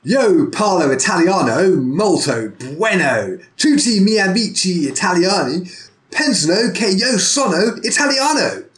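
A man's voice: high-pitched, very animated, measured pace, fairly bright tone, reverberant, pitched above the performer's own voice, exaggerated voice. A man putting on a pompous English tourist butchering Italian. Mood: boastful. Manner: pompous, overdone sing-song. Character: man mangling Italian with an exaggerated English accent.

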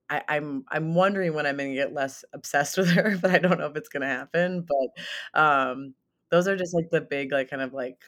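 A woman in her late thirties from Southern Minnesota, chatting as a podcast guest in an energetic, talkative way with frequent laughs and fillers. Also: sits low. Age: 30s. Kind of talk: casual podcast interview.

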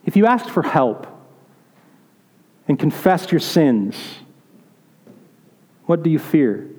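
Slow and sing-song, a pastor with a slightly high, darkish voice shares stories and asks his congregation questions. The conversational sermon is recorded in a reverberant hall.

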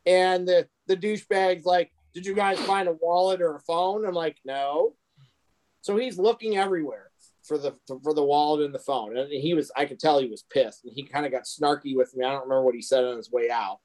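Higher-voiced man telling a sarcastic story. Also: steady tone, brisk, darkish tone. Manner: sarcastic, mocking retail-job anecdote. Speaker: podcast co-host. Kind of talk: casual storytelling.

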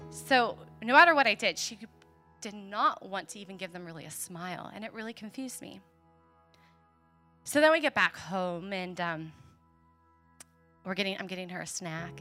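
High-pitched woman giving a sermon, candid and earnest, laughs a lot, crisp bright tone. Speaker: preacher. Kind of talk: storytelling sermon.

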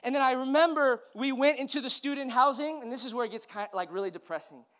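A man preaching as a pastor, telling a personal story in a conversational way that swings from hushed to emphatic. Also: extremely high pitch, fast talker. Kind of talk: sermon storytelling.

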